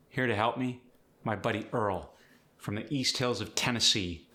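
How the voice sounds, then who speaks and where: A man's voice: fairly low pitch, normal speed, pushed and bright. A man explaining and demonstrating accent features as a coach in a tutorial. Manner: clear, explanatory, demonstrates example words.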